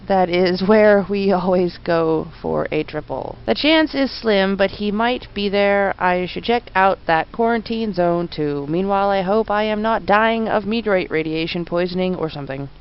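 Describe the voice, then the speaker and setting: Gravelly woman muttering through a game. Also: medium pitch, lo-fi sound. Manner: reads game text aloud, mutters, then bursts into laughing outbursts. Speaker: game streamer. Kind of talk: casual let's-play commentary.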